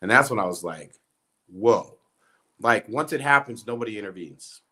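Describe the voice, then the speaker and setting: A man's voice: on the low side, lively intonation, fairly quick, bright, forceful tone. A man casually recounting a story, acting out quoted dialogue as he goes. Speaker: guest.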